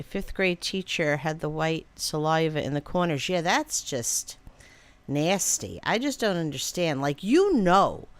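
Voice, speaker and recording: A woman chats on a casual livestream, rambling along with lots of fillers and greeting viewers by name. Her voice is smooth and clear. It sits a little low for a woman. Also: fairly bright tone. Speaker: livestream co-host.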